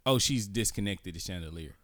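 A man's voice: low voice, expressive, fairly quick, fairly bright tone, no room sound. A man hosting a podcast, joking crudely and laid-back in casual banter on a close mic. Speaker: podcast host.

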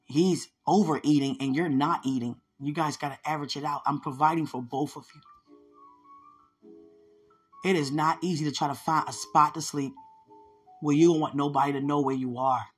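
Husky woman telling her own testimony on a podcast, earnest and chatty, keeps talking right to the listener, faint music under her. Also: low-pitched, fairly even intonation, normal speed. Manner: earnest, conversational, addresses listeners directly. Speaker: podcast host sharing a testimony. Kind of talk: personal testimony storytelling.

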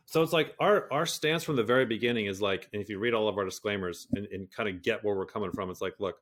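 A middle-aged man talking candidly as an interview guest, swearing freely, rambling and restarting, sometimes rising into animated rants. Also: on the low side, quick pace. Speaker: guest, personality system creator.

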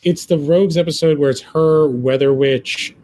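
A man's voice: on the high side, normal speed, darkish tone. Puzzled man with faint background noise. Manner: puzzled, questioning, retelling scenes. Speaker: podcast co-host. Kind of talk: casual chat reviewing TV episodes.

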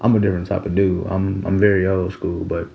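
A man's voice: deep voice, level tone, a little fast, creaky, lo-fi sound, slight background noise. A man in his twenties talking in a loose, rambling monologue full of slang and "you know what I'm saying.". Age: 20s. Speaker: podcast host. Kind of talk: casual monologue.

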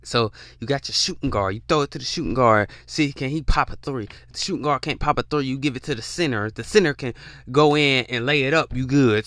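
A man's voice: mid-range voice, fairly quick, pushed and bright. A man hosting a podcast, giving a preachy motivational monologue, calling out to listeners and often restarting with repeated words. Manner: repetitive call-outs to listeners; stammering restarts. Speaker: podcast host.

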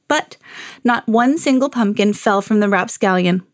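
A woman reading a children's picture book aloud on her podcast in an expressive, sing-song storytelling way. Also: medium pitch, normal speed, no room sound, studio quality.

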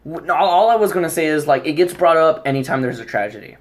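A man co-hosting a podcast in casual chat, halting and full of fillers. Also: a little high, expressive, slight background noise. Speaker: podcast co-host.

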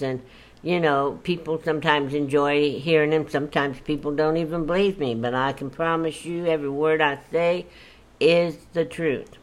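A woman's voice: sits low, a bit bright. Folksy older woman telling stories. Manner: folksy, chatty, exclamatory. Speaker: storyteller guest. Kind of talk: casual storytelling.

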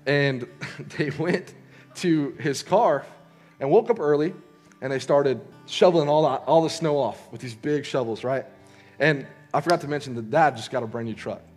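A youth preacher, a young man with a higher-pitched, somewhat dark voice, tells a story at a moderate pace in a casual sermon. He speaks conversationally with many fillers and restarts, voicing characters in quotes, while soft music plays in the background.

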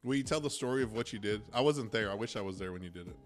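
Fast-talking male co-host, mid-pitched, here for quick reactions and questions; faint music bed. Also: animated. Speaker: podcast co-host. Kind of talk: casual podcast chat.

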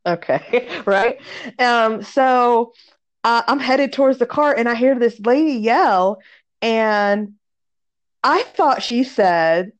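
A woman telling a funny story in a casual chat, laughing often and raising her voice when she acts it out. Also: takes it slowly. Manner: laughs a lot, animated retelling with pitch jumps.

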